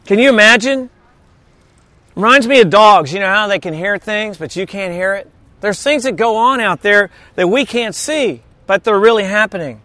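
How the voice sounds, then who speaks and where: A man's voice: high voice, moderate pace, pushed and bright, no room sound. A man preaching a sermon in a conversational, storytelling way, mixing humor into scripture reading. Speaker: pastor.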